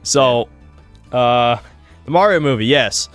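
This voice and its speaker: Hosting a casual podcast while he games, a man rambles and swears, leaning heavily on filler words, especially "like." His mid-range voice is expressive and fairly bright with a slow pace, on a dry recording with soft music underneath.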